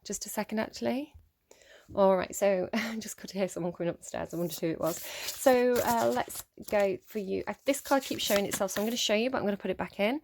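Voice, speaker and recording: A woman's voice: medium pitch, fast talker, a little mellow. A woman giving a casual tarot reading to camera at home, rambling and chatty with lots of fillers and small laughs. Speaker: tarot reader.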